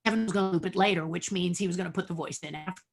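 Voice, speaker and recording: A woman guest in a casual interview, telling animated stories, acting out quotes and laughing often. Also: fairly low pitch, racing, vocal fry. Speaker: guest puppeteer and designer.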